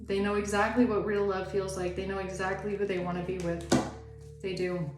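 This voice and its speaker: A woman's voice: mid-range voice, level tone, fairly quick, over loud music. A woman giving a casual tarot reading, rambling and chatty, with lots of "like" fillers. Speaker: tarot reader. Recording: roomy echo, faint background noise.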